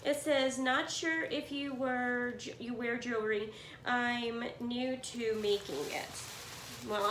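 Here a middle-aged woman, her voice on the high side and her pace slow, excitedly unboxes yarn she got in a swap. She gushes and talks to viewers as friends in a casual chat from a cluttered room at home, where the sound is roomy with a little hiss or hum.

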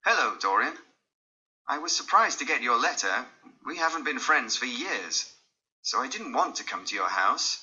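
A man playing a reluctant male scientist, firm and cold in refusal. The voice is raised and bright against a dull, lo-fi recording. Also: medium pitch, big pitch swings, normal speed. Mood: reserved. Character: male scientist, stern, shocked, coldly reluctant.

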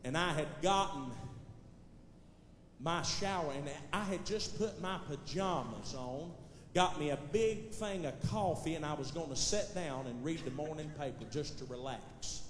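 Man, stand-up storyteller, high voice, echoey hall, long reverb. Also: measured pace, slight background noise. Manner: folksy Southern storyteller, building to loud punchlines. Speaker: gospel comedian telling a story on stage. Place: large hall with live audience.

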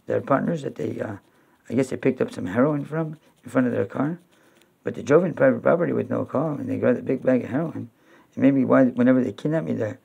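A man from New York talking to camera in a rambling, repetitive way, now and then breaking into loud, high-pitched pleading. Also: gravelly, husky. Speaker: video blogger.

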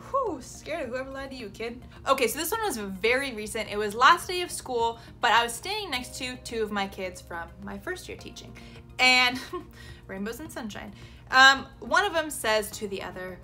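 A woman in her twenties, an elementary school teacher, telling classroom stories in a casual vlog. She is animated, laughs often and acts out the kids' lines. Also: a little high, moderate pace, faint music behind.

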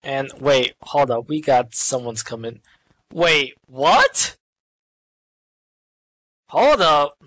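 Excitable commentator with a lively, swinging voice. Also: medium pitch, no room sound. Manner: excitable, swearing, quick asides. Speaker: commentator of a virtual wrestling show. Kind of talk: casual live play-by-play commentary.

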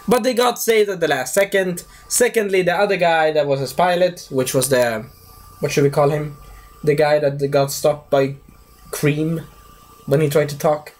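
In a laid-back but animated rant about a movie, a young reviewer keeps breaking into goofy high-pitched character voices.

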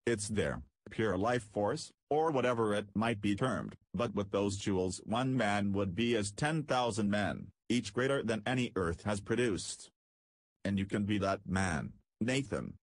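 A man reads a dying old spaceman from a pulp space story. He speaks low in a hoarse, fervent whisper, his voice husky and dry. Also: animated, a little slow, no room sound.

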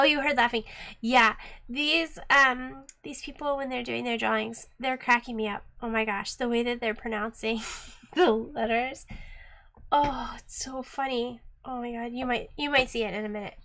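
A woman's voice: a little high, vocal fry. A woman streaming herself as she learns Japanese, chatting casually and giggling often. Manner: giggly, laughs often and openly; chatty, reacts out loud to the app. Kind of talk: casual live-stream chat.

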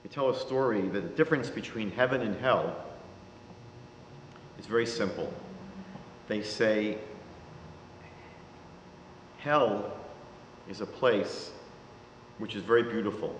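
A man, a rabbi giving a lecture, telling a story in a measured, dramatic way. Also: lowish voice, slight background noise. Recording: reverberant lecture hall.

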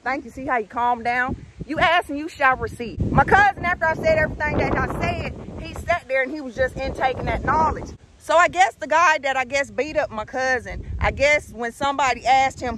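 A woman in her thirties telling a story in a casual vlog outdoors, animated and profane, calling viewers honey and y'all. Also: high-pitched, a little hiss or hum. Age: 30s.

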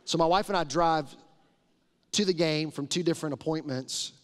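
Middle-aged man, pastor, on a live mic; emphatic, conversational preaching; somewhat higher voice; long sanctuary reverb. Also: normal speed, fairly bright tone. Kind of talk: sermon. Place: large church sanctuary.

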